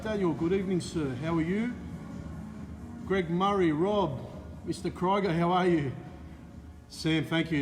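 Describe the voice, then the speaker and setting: An Australian man with a fairly high-pitched voice co-hosts a casual live racing stream, his sound ringing as if in a big room. He's lively, greeting viewers by name one after another and filling the gaps with plenty of "uh."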